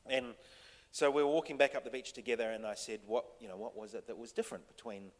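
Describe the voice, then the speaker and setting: A New man tells a story at a panel, halting and full of fillers. His voice sits at an ordinary middle pitch. A long reverb from the hall trails after every phrase. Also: lively intonation, gravelly. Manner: halting, many restarts and fillers, soft-spoken. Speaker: TV director on a panel. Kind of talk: casual anecdote to an audience.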